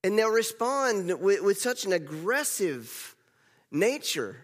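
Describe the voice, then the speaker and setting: A man's voice: sits high, very animated, slow, a bit bright. A male pastor giving a conversational sermon, repeating phrases for emphasis. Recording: long reverb of a large hall.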